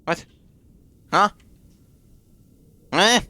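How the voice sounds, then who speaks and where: A man's voice: lowish voice, expressive, moderate pace, vocal fry, pauses often, fairly bright tone, slight background noise. A man streaming a game, giving casual commentary and swearing freely as he mutters startled remarks to himself.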